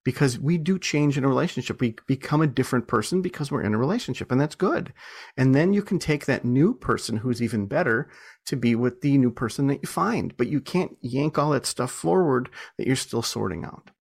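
Animated and a little fast, this man's medium-pitched voice carries vocal fry and a slightly rough edge. As an author and entrepreneur in a casual storytelling interview, he chats with self-deprecating humor, frequent laughs and many restarts.

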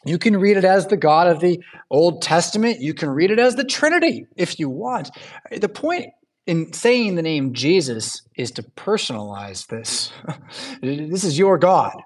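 A man preaching a sermon in a church with a fairly high voice. His delivery is loose and conversational, with asides and frequent checks for agreement. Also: very animated, a little slow. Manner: chatty asides, checks in with "right?" and "yeah?". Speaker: pastor.

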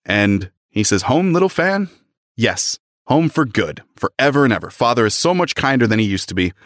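A young man on a casual book podcast, reading passages aloud with lively voices and joking about them. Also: fairly low pitch, a little fast, dry recording, clean studio sound.

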